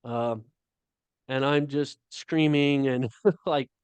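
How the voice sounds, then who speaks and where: A middle-aged man, a guest author, talking casually on a video call, halting often with fillers. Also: mid-range voice, fairly even intonation, clean tone, dry recording. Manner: halting storytelling with many fillers.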